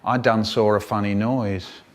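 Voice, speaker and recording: A man reading children's stories aloud, playful and animated, with sound effects and silly voices. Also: on the low side, unhurried, a little hiss or hum. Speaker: children's poet and storyteller. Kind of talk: expressive children's story reading.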